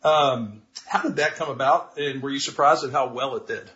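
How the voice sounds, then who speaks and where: A man's voice: mid-range voice, moderate pace, sharp tone. A male interviewer who asks his questions hesitantly, with fillers. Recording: roomy, dull audio.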